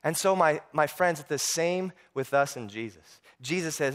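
Man preaching, fairly high voice, animated storytelling, repeats himself, sermon. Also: normal speed, few pauses.

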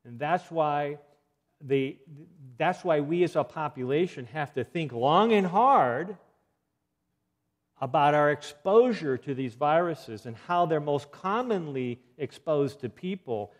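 A man's voice: a little high, animated, slow pace. A man giving an earnest health lecture, emphatic and given to repeating key points.

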